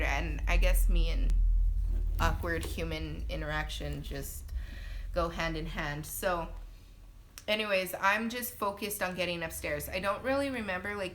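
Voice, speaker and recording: A young woman and new mother casually telling her birth story to viewers on a livestream, chatty and talking straight to her audience. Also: a bit bright. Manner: chatty, talks to viewers directly. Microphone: phone livestream. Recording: low-quality livestream audio with faint noise.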